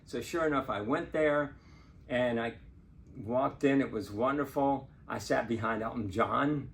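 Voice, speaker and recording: An older man, a lawyer, telling a true personal story in a chatty, animated way and laughing now and then. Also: mid-range voice, a little slow, vocal fry. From Portsmouth, Virginia. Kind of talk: casual spoken storytelling.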